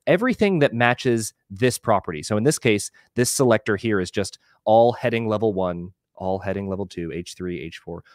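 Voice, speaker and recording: A man giving a relaxed live screen-share tutorial on a video call, explaining as he clicks through. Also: lowish voice, no echo, clean studio sound. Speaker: webinar instructor.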